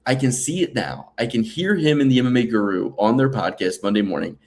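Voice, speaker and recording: Animated profane man on a podcast. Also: medium pitch, a little fast. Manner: animated, profane, swings into mocking put-on quotes. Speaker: podcast co-host. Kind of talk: casual chat.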